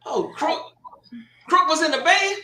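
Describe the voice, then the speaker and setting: A man's voice: very high voice, expressive, unhurried, pushed and bright, roomy sound. A man co-hosting a casual sports chat, joking and laid-back, often restarting his sentences. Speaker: co-host.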